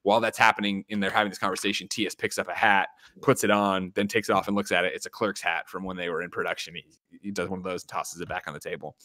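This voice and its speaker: A man's voice: low-pitched, steady tone, quick pace, sharp tone, dry recording, studio quality. A man co-hosting a podcast, retelling a movie scene by scene in casual chat and acting out the lines. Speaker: podcast co-host recapping a movie.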